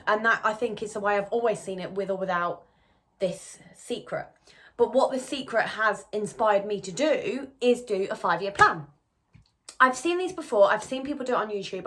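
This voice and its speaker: A woman's voice: mid-range voice, a bit bright. A woman in her twenties talking casually to camera at home as a lifestyle vlogger, chatty and rambling with plenty of restarts. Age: 20s.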